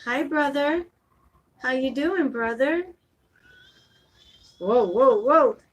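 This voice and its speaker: Home vlogger mom, slow and high, coaxing baby talk, casual chat. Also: female voice, animated, low-quality recording. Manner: coaxing baby talk mixed with chatty asides to viewers. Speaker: vlogger and mother.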